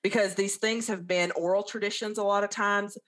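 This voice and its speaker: A woman's voice: mid-range voice, brisk. A woman from the American South with a Southern accent, telling stories as a guest in a casual interview. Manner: chatty, animated storyteller.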